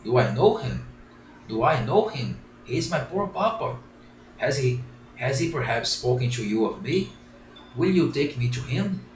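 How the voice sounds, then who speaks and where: A man's voice: mid-range voice, expressive, a little slow, natural voice. A man voicing a despairing young wooden puppet boy, pleading in a raised, tearful voice. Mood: eager, pleading. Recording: roomy, distant, faint background hiss.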